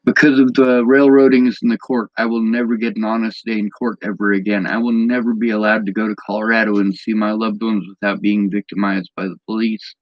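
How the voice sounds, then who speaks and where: A man's voice: fairly low pitch, flat delivery, fairly quick, few pauses, no echo, muffled recording. A man in an angry personal vlog rant, bitter and agitated, swearing often.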